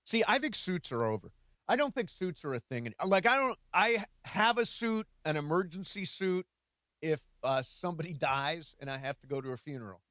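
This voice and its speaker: A man's voice: on the high side, lively intonation, normal speed, fairly bright tone, no echo, studio quality. An older man co-hosting a sports radio show, chatty, wry and full of opinions. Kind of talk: casual sports radio chat. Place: radio studio.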